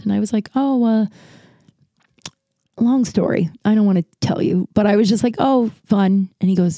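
A young woman hosting a podcast, telling a long story in a casual, rambling way full of fillers and animated asides. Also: mid-range voice, brisk, no room sound, clean studio sound. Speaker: podcast host.

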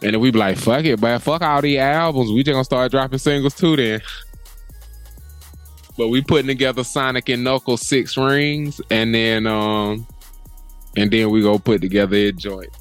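A young adult man co-hosting a podcast, telling animated stories in casual chat, laughing often and swearing freely. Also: mid-range voice, moderate pace, soft background music. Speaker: podcast co-host.

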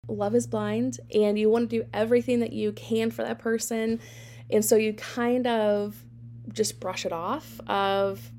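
A woman's voice: medium pitch, level tone, normal speed, mellow, slight background noise. A woman in her thirties hosting a podcast, telling her personal story in a candid, reflective way with frequent fillers. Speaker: podcast host.

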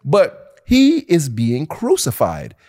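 A man's voice: fairly high pitch, slow pace. A man co-hosting a casual podcast, talking emphatically and swearing freely. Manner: animated, emphatic, swears, acts out quoted voices. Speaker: podcast co-host.

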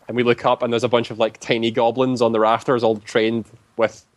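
A man's voice: mid-range voice, little pitch movement, fairly quick, dry recording. Rambling man telling a game story. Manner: rambling, heavy use of "like" fillers. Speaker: tabletop game player. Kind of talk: casual storytelling.

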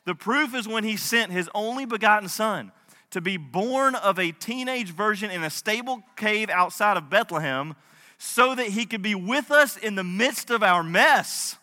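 A man in his thirties, a pastor, preaching a sermon, moving between soft storytelling and impassioned delivery. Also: sits high, animated, moderate pace. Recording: long hall reverb.

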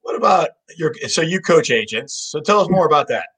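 A man's voice: fairly high pitch, lively intonation, a little fast, a bit bright, husky. A man hosting an interview, asking questions in a friendly, joking way with short replies. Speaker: interview host. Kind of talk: interview, casual chat.

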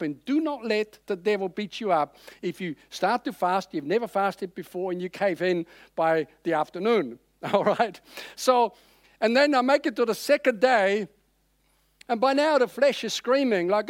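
High-voiced male preacher, dry sound. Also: normal speed, no echo. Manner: conversational, animated, many fillers. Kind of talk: sermon.

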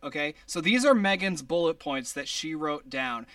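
A man's voice: on the high side, a bit bright, clear, resonant tone, no room sound, distant mic. A man hosting a podcast over a video call, rambling casually and laughing at himself. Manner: rambling, self-deprecating, quick to laugh. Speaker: podcast host.

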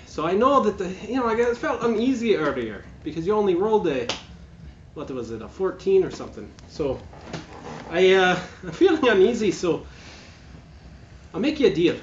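A man voicing a cruel, scheming woman pirate queen in a high, mocking put-on voice, in a roomy, dull recording. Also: big pitch swings, moderate pace. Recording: roomy, dull, lightly noisy home recording.

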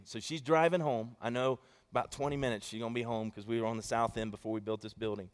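Male pastor, conversational storyteller, mid pitch, big echoey hall. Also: a little fast. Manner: storytelling, conversational, addresses the congregation. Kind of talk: sermon.

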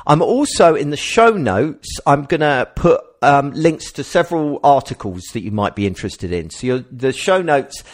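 A man's voice: medium pitch, moderate pace, hardly any pauses. A man hosting a casual podcast chat, rambling and correcting himself as he goes. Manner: rambling, self-correcting, lively delivery. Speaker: podcast host.

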